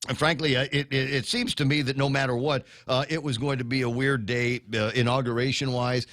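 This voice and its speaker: A man's voice: mid-range voice, little pitch movement, fairly quick, fairly bright tone, no room sound. A middle-aged man hosting a morning talk radio show, rambling with many fillers and restarts as he reads out listener comments. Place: radio studio.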